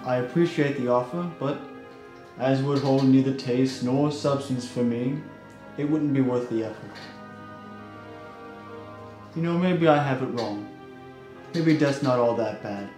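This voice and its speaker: A man's voice: medium pitch, measured pace, long pauses, a little mellow, reverberant, soft background music, lightly acted. A man playing a dry, gloomy undead man. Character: weary undead man who craves brains.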